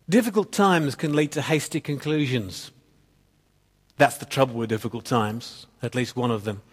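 A man preaching a sermon. He tells stories and drops quietly at the ends of phrases. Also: mid-range voice, moderate pace, slightly rough. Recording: long reverb of a church hall.

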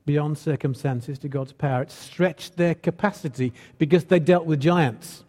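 A man's voice: fairly high pitch, normal speed, warm tone. A man preaching a sermon in a church, earnest and building to emphatic repeated lines. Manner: earnest, rising to emphatic repetition. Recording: long hall reverb.

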